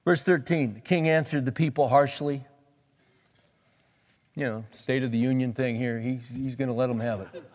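A man's voice: mid-range voice, steady tone, normal speed, long pauses, a little mellow. A man preaching a sermon in a folksy, conversational way, reading scripture and talking plainly to the congregation. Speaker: pastor. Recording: reverberant hall recording.

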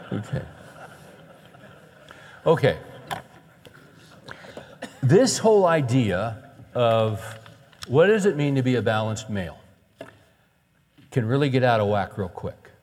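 A man's voice: mid-range voice, big pitch swings, takes it slowly, pauses often, darkish tone, a little hiss or hum. A man preaching a sermon as a pastor, earnest and conversational, telling stories and asking rhetorical questions. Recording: long hall reverb.

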